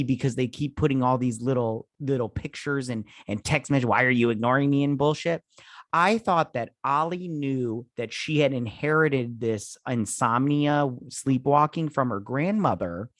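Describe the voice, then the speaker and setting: A man's voice: medium pitch, no echo. Drunk rambling man, dry close sound. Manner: rambling, swearing, trailing off. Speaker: podcast co-host. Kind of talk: casual movie-review chat.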